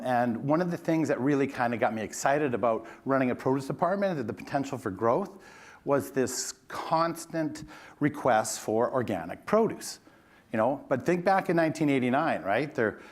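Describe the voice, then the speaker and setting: A middle-aged man giving a conference keynote, telling a self-deprecating story with lively energy. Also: medium pitch, normal speed. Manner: animated, self-deprecating storyteller who mimics his boss. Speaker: keynote speaker. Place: conference stage before an audience.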